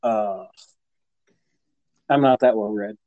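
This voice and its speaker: A man's voice: fairly low pitch, slow pace, dry recording, phone-quality sound. A man co-hosting a podcast in casual chat, rambling and hesitant and easily flustered. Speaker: podcast co-host.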